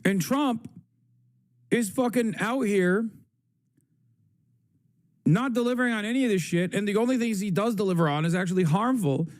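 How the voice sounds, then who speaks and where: Guy with a pretty high voice ranting on a live stream, sarcastic and sweary. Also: normal speed, pauses often. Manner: sarcastic, mocks others in silly voices. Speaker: live streamer reacting to clips. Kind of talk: casual profane political rant.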